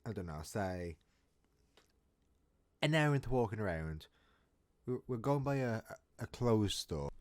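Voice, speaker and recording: A man's voice: fairly low pitch, darkish tone. A man telling a story in a casual, rambling, jokey way, often restarting his sentences. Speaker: storytime vlogger.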